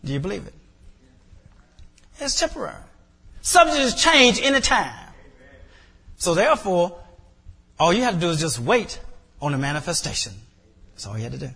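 High-voiced preacher man in a reverberant hall. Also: very animated, moderate pace, gravelly, pauses often, pushed and bright, slightly rough. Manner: preaching with rising emphatic bursts and repeated phrases. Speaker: pastor. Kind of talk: sermon.

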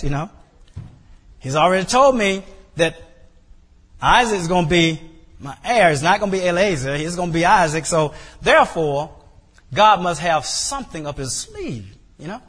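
High-voiced preacher man in a reverberant hall. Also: big pitch swings, normal speed, fairly bright tone, slightly rough. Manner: preaching with rising emphatic bursts and repeated phrases. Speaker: pastor. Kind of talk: sermon.

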